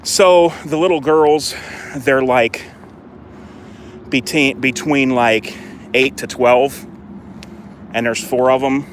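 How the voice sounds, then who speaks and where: A man's voice: steady tone, slow pace, long pauses. Man, casual rambling vlog, outdoors with his dog, handheld phone, faint street noise. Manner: chatty and rambling, lifts his voice high for dog praise. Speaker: dog owner vlogger. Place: outdoors by a fenced court.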